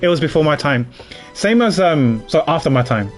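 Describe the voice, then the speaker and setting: Rambly guy streamer chatting while he plays, voice on the high side, faint music behind. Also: expressive, normal speed. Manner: chatty, self-mocking, rambling. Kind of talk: casual livestream commentary.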